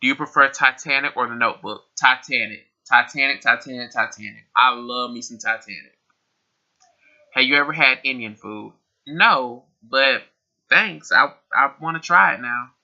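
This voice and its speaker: Young guy doing a q&a tag vlog at home, bright chatty voice, kinda muffled lo-fi mic. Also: mid-range voice, moderate pace. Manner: chatty, laughs often, repeats himself. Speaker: vlogger. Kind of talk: casual Q&A tag video. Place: his room.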